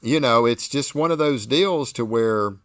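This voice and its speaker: A man hosting a barbecue talk show, telling stories with animated enthusiasm. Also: medium pitch, a little slow, no echo, studio quality. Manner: animated, enthusiastic storytelling with frequent restarts. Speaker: podcast host. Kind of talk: casual chat.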